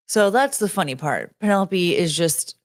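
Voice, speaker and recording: A woman streamer in casual chat, greeting viewers by name and rambling with giggles, fillers and restarts, jumping between high excited greetings and low mumbled asides. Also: measured pace, no room sound, clean studio sound. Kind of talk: casual chat reading out chat names.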